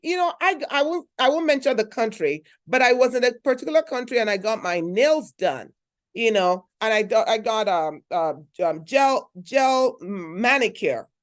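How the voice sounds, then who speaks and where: A woman speaker with a fairly high voice delivers a motivational talk. She is emphatic and repeats key phrases. She keeps asking her listeners whether they are following. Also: lively intonation, normal speed. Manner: emphatic, repeats phrases, asks the audience questions. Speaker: speaker at a conference.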